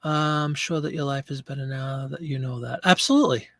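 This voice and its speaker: A man's voice: medium pitch, brisk, fairly bright tone, dry recording. A man hosting a live selling stream, chatting casually and joking as he reads viewer comments aloud.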